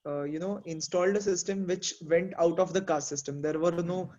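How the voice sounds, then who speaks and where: A man's voice: high voice, fairly even intonation, moderate pace, a little mellow, highs cut off. A man in a casual group discussion, explaining his ideas thoughtfully with examples and many fillers. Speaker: discussion participant.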